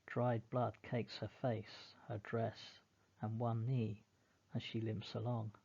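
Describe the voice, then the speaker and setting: A man narrating a novel in the first person, in a slow, measured, mournful reading. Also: fairly low pitch, level tone, creaky, mellow, breathy edge, muffled recording.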